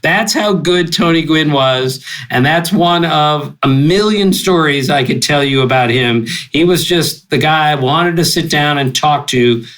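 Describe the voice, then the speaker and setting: A man in his sixties, a sportswriter guest on a podcast, telling stories in an animated, exuberant way with big jumps in pitch. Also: measured pace, few pauses, low-quality recording. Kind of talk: storytelling interview.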